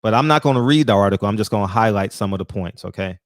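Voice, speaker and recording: A man's voice: lively intonation, very fast, no room sound, studio quality. A man hosting a casual opinion monologue, heated and profane, who fires off rhetorical questions and repeats words for emphasis. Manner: repeats words for emphasis, swings high and low. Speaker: show host.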